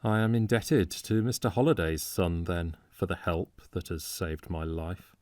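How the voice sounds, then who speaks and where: A man reading a storybook part as an excitable young medical student who speaks with harsh, mocking sarcasm. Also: fairly low pitch, a little slow, no echo, clean studio sound. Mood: intense.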